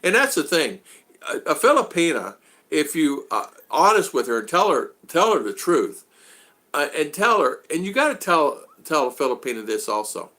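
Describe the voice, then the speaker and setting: A man's voice: on the high side, sing-song, moderate pace, pushed and bright. Rambling man chatting on a live stream. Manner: rambling, with frequent "uh" and restarts; greets chat viewers by name. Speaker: vlogger hosting a live stream. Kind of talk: casual live-stream chat.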